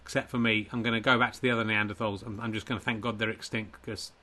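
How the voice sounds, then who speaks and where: A man playing a Neanderthal character, talking slow and deadpan about losing. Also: fairly low pitch, pitched below the performer's own voice. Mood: glum. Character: Neanderthal version of host, male, gloomy, self-mocking.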